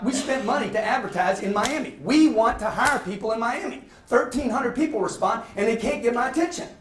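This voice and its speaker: A man, giving an energetic motivational sales lecture and constantly checking in with his audience. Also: high-pitched, noisy background. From Louisiana, US. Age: 50s. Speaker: guest lecturer. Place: packed lecture hall. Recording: echoey hall from far off.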